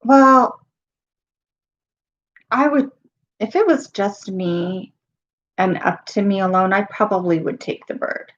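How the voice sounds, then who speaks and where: A middle-aged woman chatting casually on her live stream, losing her voice and pausing often with ums. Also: medium pitch, dull audio. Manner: halting, with many pauses and ums.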